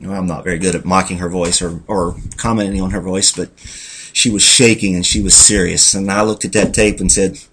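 A man's voice: low-pitched, level tone, a little fast, a bit bright, breathy edge. Folksy man telling his testimony. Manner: folksy, rambling, talks to himself as "Self"; earnest, reflective. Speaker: church member giving a testimony. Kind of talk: personal testimony storytelling.

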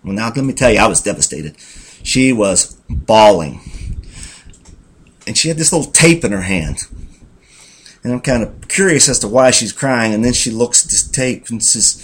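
A church member gives an earnest, reflective testimony, rambling in a folksy storytelling way and addressing himself as "Self." His voice is fairly low with lively intonation and a breathy edge, at normal speed with long pauses.

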